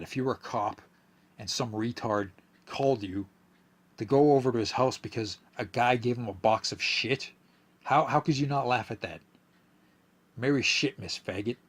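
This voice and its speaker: Husky young man, tipsy and rambling. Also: lowish voice. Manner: rambling, profane, with many fillers and restarts. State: a bit drunk, slurring. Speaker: podcast host. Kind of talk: casual storytelling monologue.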